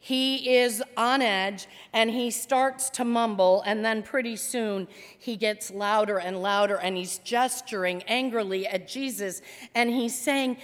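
A woman pastor preaching a sermon, retelling a story with dramatic pauses in a church sanctuary. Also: fairly high pitch. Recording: long church reverb.

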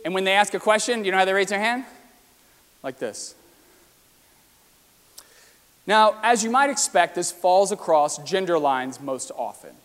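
A man's voice: high-pitched, a little fast, hardly any pauses, a bit bright, smooth. A man presenting a talk with slides, explaining ideas and asking his listeners many rhetorical questions. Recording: long hall reverb.

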